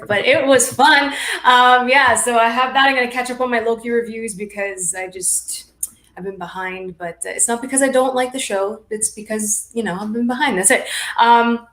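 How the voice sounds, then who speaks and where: A woman taking part in a casual live stream panel as a film reviewer, talking in a relaxed, light way. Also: on the high side, roomy sound.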